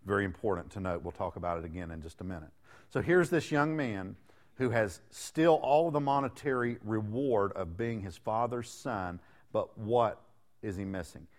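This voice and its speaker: Man preaching with a joking, questioning manner. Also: fairly low pitch. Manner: conversational, joking, rhetorical questions to the congregation. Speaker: guest preacher. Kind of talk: sermon.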